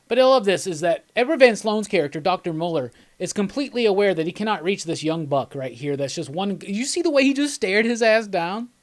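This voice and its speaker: Rambling, excitable male movie commentator. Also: sits high. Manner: enthusiastic, rambling, often laughing; chats with viewers by name. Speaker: host of live movie commentary. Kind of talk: casual live commentary.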